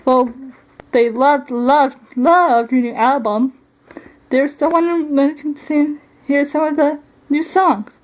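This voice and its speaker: A woman's voice: high-pitched, fairly even intonation, measured pace, low-quality recording. A woman voicing an eager, scheming male music manager in a doll storybook reading, in a fawning, wheedling way.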